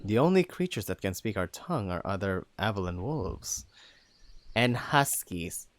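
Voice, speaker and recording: A reader voicing a stern, wary female wolf from a wolf tribe, speaking low and measured, in an audiobook reading of a furry fantasy story. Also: sing-song, no room sound. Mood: grave.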